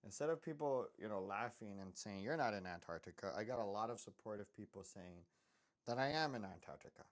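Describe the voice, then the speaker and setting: A man's voice: on the low side, expressive, fairly quick. Rambling man on a live stream. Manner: rambling, self-deprecating, often muttering under his breath. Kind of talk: casual live-stream chat while drawing.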